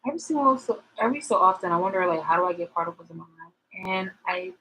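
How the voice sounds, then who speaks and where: Low-voiced woman rambling to her viewers. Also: animated, fast talker, sharp tone, a little hiss or hum, low-quality recording. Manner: rambling, frank, swears freely. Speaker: vlogger. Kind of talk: casual chat to viewers.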